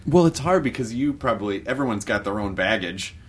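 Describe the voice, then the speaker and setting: A man's voice: fairly low pitch, lively intonation, brisk, husky. A middle-aged American man hosting a casual interview, playful and rambling with jokey asides. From United States. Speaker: interviewer host.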